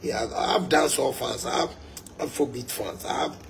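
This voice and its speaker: A man's voice: medium pitch, brisk, creaky, background noise. A young Ghanaian man, a musician, delivering a fiery, emphatic monologue to his fans, repeating his points and slipping into pidgin.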